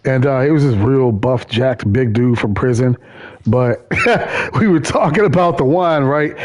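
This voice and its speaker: A man's voice: mid-range voice, a little slow, a little mellow. A man hosting a gaming stream, chatting casually and rambling, repeating his words as he goes. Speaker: gaming channel host. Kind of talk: casual chat while gaming.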